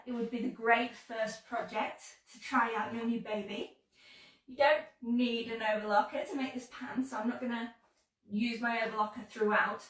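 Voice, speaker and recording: Upbeat English woman on a live stream. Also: on the high side. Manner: chatty and upbeat, greets viewers warmly. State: slightly under the weather. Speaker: sewing brand ambassador hosting a live stream. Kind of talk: live-streamed sewing tutorial. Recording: echoey room, mic at a distance.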